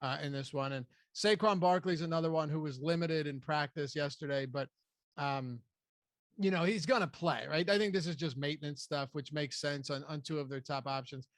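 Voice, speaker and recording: A man hosting a fantasy football talk show in casual, conversational analysis. His voice sits a bit high for a man, and the sound is close and dry. He restarts his sentences often. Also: normal speed, no echo. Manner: conversational, loose with frequent restarts. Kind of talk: casual sports analysis chat.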